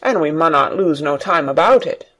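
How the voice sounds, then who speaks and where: Cheerful farm lad talking broad dialect, lively up and down voice, reader doing him. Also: medium pitch, normal speed. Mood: eager. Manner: broad country dialect, eager. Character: cheerful Yorkshire farm boy, nature-loving. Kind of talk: audiobook reading for learners.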